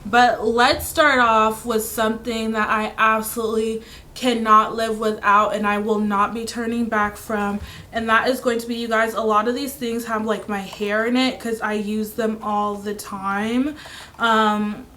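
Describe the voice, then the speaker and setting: A young woman reviewing her favorite beauty products in a casual chat, her voice raspy and hoarse from illness, with lots of filler words. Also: a little high, a bit bright, slight background noise. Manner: chatty, full of "like" fillers. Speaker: beauty vlogger.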